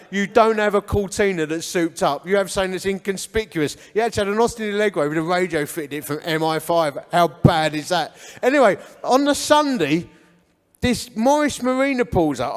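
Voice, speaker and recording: His voice is fairly high with a clean tone. Visiting a church hall as guest speaker, the Hornchurch, England native tells his life story with humor and acts out the conversations, all in echoey acoustics.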